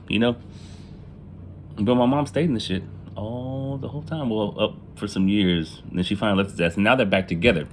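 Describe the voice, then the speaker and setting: Casting note: man with a lowish voice, candid confessional vlog storytelling, faint room ambience behind. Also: fast talker, a little hiss or hum. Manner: casual, profane, laughs at his own jokes; acts out family members in quoted lines. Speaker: vlogger telling his life story. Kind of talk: casual storytelling.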